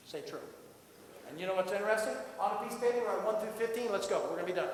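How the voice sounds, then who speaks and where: A man giving a motivational talk to a live audience in a large room, with punchy call-and-response and jokes he shouts out. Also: extremely high pitch, expressive, fast, long pauses. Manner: punchy call-and-response, asks crowd to answer. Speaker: motivational speaker. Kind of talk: motivational talk to a staff crowd. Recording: echoey room recorded from far off.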